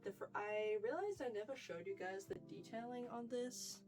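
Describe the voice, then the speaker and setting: A woman's voice: fairly high pitch, moderate pace, far from the mic, over music, rough recording. A young woman with a New Zealand accent giving a chatty, gushing wardrobe tour, full of "like" and "freaking". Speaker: fashion vlogger.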